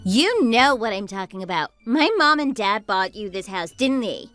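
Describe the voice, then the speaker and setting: A woman voicing an entitled, demanding young sister-in-law who yells and bosses people around. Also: big pitch swings, normal speed, soft background music. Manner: demanding, shrill, yelling. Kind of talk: texting-story voice acting.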